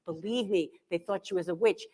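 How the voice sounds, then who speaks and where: A middle-aged woman, a guest author, telling comic stories to a live library audience in an animated, self-deprecating way. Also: on the low side, brisk, breathy edge. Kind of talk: comic storytelling talk.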